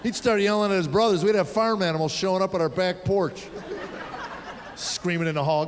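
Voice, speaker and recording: A man's voice: high-pitched, fairly even intonation, a little fast, a crowd in the background, background noise. A middle-aged man from the United States doing a stand-up set, telling exasperated, sardonic stories about raising his kids. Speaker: stand-up comedian. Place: theater stage before a live audience. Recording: live stage recording with hall reverb.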